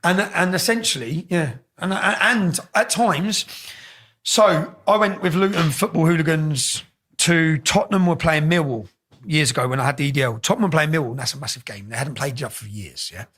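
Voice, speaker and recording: A middle-aged English man telling stories casually as an interview guest, animated and swearing freely. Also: on the high side, fairly quick, breathy edge. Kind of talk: casual storytelling.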